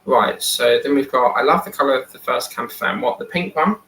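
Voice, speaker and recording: A man's voice: mid-range voice, a little fast, fairly bright tone, slight background noise. A man hosting a live stream in casual chat, reading and answering viewer comments aloud. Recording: echoey room.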